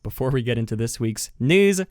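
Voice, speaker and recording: A man's voice: mid-range voice, animated, moderate pace. A man hosting a podcast in a casual, chatty, self-mocking way, often giggling at his own jokes. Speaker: podcast host. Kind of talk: casual chat. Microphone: webcam with mic.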